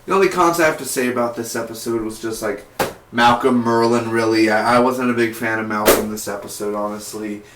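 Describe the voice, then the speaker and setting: Young male TV reviewer, excitable and slangy, mid pitch, roomy echo. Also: fairly quick, a little hiss or hum. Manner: excitable, slangy, says "man" and "dude" a lot. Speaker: TV episode reviewer. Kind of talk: casual review vlog.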